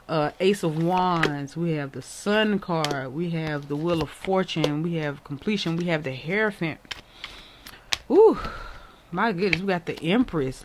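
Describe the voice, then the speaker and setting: Excitable tarot reader, casual and chatty, talks right to the viewers, repeats words, laughs often, middle pitch. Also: background noise. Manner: addresses viewers directly and warmly encourages them. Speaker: tarot reader and channel host.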